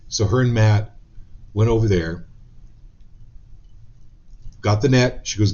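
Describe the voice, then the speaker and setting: A man hosting a live-stream card reading, telling a story in an animated, conversational way before he pulls a card. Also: lowish voice, takes it slowly, pauses often, lo-fi sound. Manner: storytelling, animated retelling of quotes. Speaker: psychic reader.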